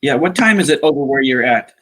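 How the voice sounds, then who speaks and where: A man hosting a casual science chat on a video call, searching for words slowly. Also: medium pitch, animated, a bit bright, poor audio. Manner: slow, searching, with fillers. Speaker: host.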